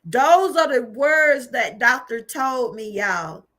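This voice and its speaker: Woman, high voice, bright tone, emphatic preacherly testimony. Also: lively intonation, slow pace. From Georgia, US. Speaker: channel host. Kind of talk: livestream testimony.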